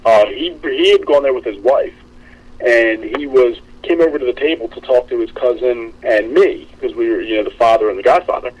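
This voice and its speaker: A young man with a husky, slightly rough voice co-hosts a podcast in loose, casual chat. He tells his story with animated energy, curses freely and plays out the back-and-forth of the people in it. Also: mid-range voice, fairly quick, rough recording. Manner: animated storytelling, swearing and acting out quoted friends. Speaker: podcast co-host.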